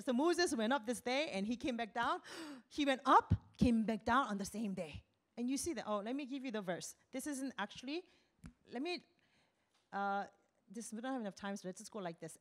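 A woman missionary preaching a lively sermon, asking the congregation questions, acting out voices and dropping to a whisper for emphasis. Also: fairly high pitch. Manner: animated, asks the congregation questions, acts out quotes.

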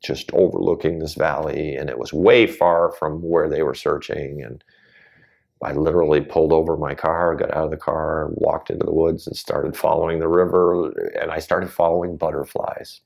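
A man's voice: very deep voice, level tone, normal speed, creaky, a little mellow. A man as a guest on an interview show, telling a personal story earnestly and acting out the voices of people he quotes.

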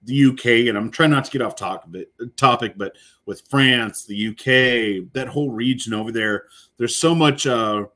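A man with a fairly low voice talks through a video in a loose, casual way. He rambles and leans on fillers and restarts as he reacts as a corrections officer. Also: a bit bright.

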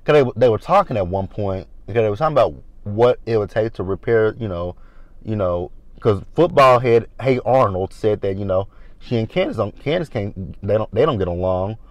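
A man from the South talks through a reality TV episode in a casual, gossipy way. He is blunt and shady, and he slips into quoted voices of the cast. His voice sits on the low side, and the recording is close and dry with no room sound. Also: expressive, moderate pace, no room sound, dull audio. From American South. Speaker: reality TV recap vlogger.

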